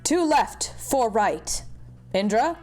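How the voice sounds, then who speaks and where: Woman voicing a calm female squad leader. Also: fairly high pitch, takes it slowly, faint music behind. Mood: commanding. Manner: calm, commanding delivery.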